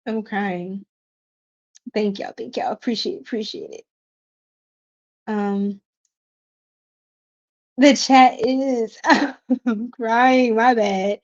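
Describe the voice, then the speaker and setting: A woman's voice: a little high, fairly even intonation, drawn-out words, pauses often, darkish tone. A woman hosting a tarot livestream, chatting casually and bubbly with her viewers, reading their comments aloud, laughing often and using slangy asides. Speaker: tarot reader livestream host. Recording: dull lo-fi stream audio.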